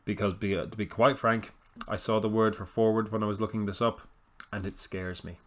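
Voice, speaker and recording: A man's voice: on the low side, little pitch movement, fairly quick. A man, talking casually over a football management game. He rambles, stops to correct himself and undercuts things with dry understatement. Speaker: gaming video host.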